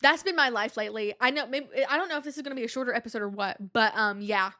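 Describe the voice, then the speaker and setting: A young woman hosting a casual solo podcast, bubbly and giggly, jumping from topic to topic with big swings in pitch. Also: fast, sharp tone. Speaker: podcast host. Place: home room.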